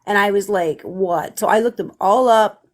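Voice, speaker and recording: A woman's voice: medium pitch, normal speed. A woman guest in a casual chat, talking bluntly and swearing casually as she tells her story.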